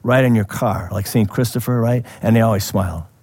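A man preaching a sermon in a conversational way, asking the listeners questions and laughing softly now and then. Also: lowish voice, a little fast. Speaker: pastor.

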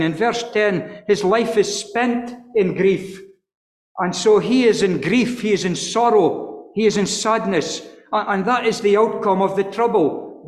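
A man preaching an earnest expository sermon, stumbling and repeating words, and reading scripture slowly in old-fashioned wording. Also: sits high. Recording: echoey hall with long reverb.

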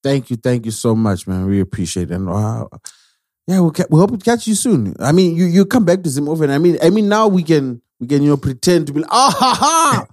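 Man, podcast co-host, animated, teasing, rambling, dry sound. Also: fairly high pitch, a little fast, dry recording. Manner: rambling, teasing, many restarts. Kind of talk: casual podcast chat.

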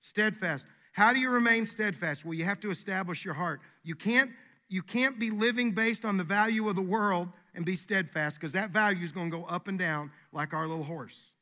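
A man's voice: sits high, normal speed, sharp tone. A man preaching a sermon as pastor, emphatic and folksy, repeating his key phrases.

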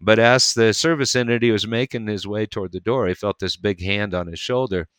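In relaxed conversation, a preacher tells a story, his lowish, smooth, resonant voice picking up speed and energy in quick, animated bursts. The sound is dry and close, with no echo.

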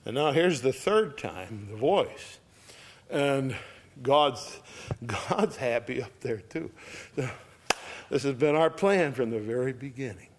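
Slow, earnest male preacher. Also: medium pitch, animated, slight background noise. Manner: earnest, vivid retelling with rhetorical questions. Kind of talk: Bible teaching sermon.

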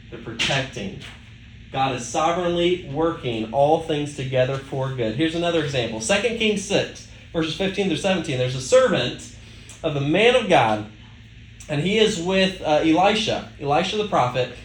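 A man's voice: a little high, a little hiss or hum. A male pastor preaching a sermon in a conversational way, asking the listeners rhetorical questions. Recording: echoey room with faint ambience.

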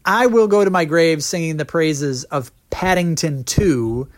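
A man's voice: fairly high pitch, unhurried. A man in his thirties co-hosting a casual movie review chat, joking and talking in long run-on sentences. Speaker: podcast co-host.

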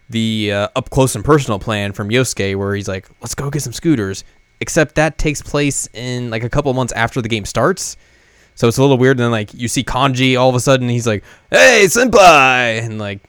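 A man's voice: medium pitch, fairly even intonation, fairly quick, clear, resonant tone, dry recording. A man giving a casual, rambling anime review, full of fillers and self-corrections.

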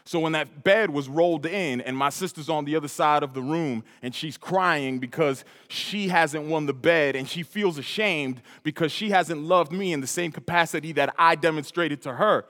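A pastor from New York preaches to a congregation, building a personal story around repeated, emphatic lines. His voice sits a little high for a man. The sound trails off in a long church-hall reverb. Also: moderate pace, few pauses, a bit bright. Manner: storytelling, repetitive emphatic phrases. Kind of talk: sermon.

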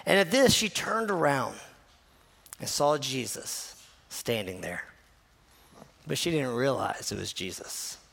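A man's voice: medium pitch, sing-song, slow, vocal fry, long pauses, breathy edge. A man preaching a sermon as a pastor, retelling a scripture passage in an earnest, conversational way. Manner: conversational, earnest storytelling, drops to a soft hush at key moments.

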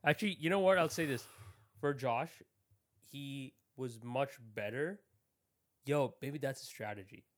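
A man's voice: medium pitch, measured pace. A man co-hosting a podcast in casual chat, joking and swearing and laughing often. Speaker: podcast co-host.

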